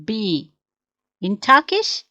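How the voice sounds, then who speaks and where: A woman practicing phrases with an AI tutor, hesitant and halting, carefully repeating after it. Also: fairly high pitch, very animated, sharp tone, dry recording. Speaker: language learner.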